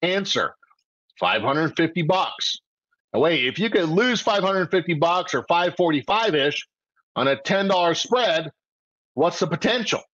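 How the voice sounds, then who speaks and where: A man teaching options trading in a live webcast, animated and full of rhetorical questions, tagging "okay?" onto his points. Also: a little high, a little slow, dull audio. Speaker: trading coach.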